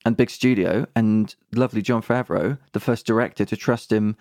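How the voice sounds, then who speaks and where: A man's voice: fairly low pitch, steady tone, normal speed, a little mellow, dry recording, clean studio sound. A man co-hosting a podcast, chatting enthusiastically. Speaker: podcast co-host. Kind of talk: casual chat.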